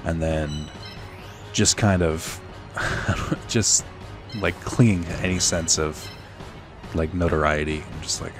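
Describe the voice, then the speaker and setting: A man's voice: low-pitched, takes it slowly, pauses often, over music. A young man telling a rambling, sardonic story while playing a video game, full of fillers. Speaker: let's play host. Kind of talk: casual storytelling while gaming.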